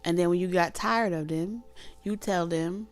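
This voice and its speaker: Animated, laughing woman tarot reader. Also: lowish voice, normal speed, soft background music. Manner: animated, laughs often, acts out quoted voices; colloquial, chatty. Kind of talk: casual tarot reading.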